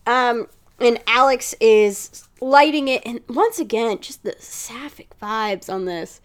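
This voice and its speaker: A woman with a fairly high voice chats casually as a podcast co-host, recapping an episode. She is lively and animated and swears freely as she talks. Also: takes it slowly.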